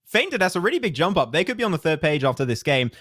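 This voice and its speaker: A man's voice: on the high side, big pitch swings, quick pace, a bit bright, husky, no room sound, studio quality. Male esports caster from France, English with a slight French tinge, self-mocking and easily amused. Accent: English with a faint French tinge. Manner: laughing, self-deprecating, slightly flustered. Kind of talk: live esports commentary with playful banter.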